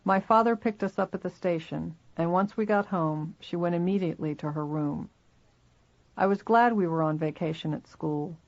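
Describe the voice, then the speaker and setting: Gravelly memoir narrator, lo-fi. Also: mid-range voice, normal speed. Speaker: reader. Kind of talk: first-person memoir audiobook narration.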